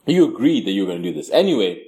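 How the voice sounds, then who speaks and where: A man's voice: lowish voice, rapid-fire. A man co-hosting a podcast in casual banter, profane and laughing as he spins stories. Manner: animated, profane, laughing storyteller. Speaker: podcast co-host.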